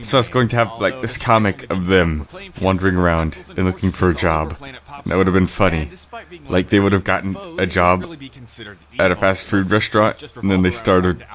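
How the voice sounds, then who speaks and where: A man giving rambling casual commentary on his own video, clearing his throat with a cold. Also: sits low, fairly even intonation, moderate pace, fairly bright tone. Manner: rambling, frequent fillers and restarts. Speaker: creator giving episode commentary.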